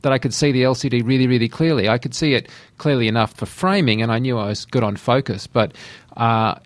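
A man's voice: medium pitch, fast talker, dry recording. A man hosting a podcast, talking in an easygoing, chatty way about his experiences. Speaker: podcast host. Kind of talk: casual podcast interview.

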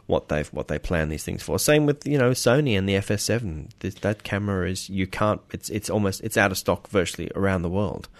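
A man's voice: low-pitched, brisk, few pauses, no echo. An Australian man co-hosting a podcast, chatting casually in a rambling, hesitant way with many fillers and restarts, and joking at his own expense. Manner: self-deprecating. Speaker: podcast co-host. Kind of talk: casual chat.

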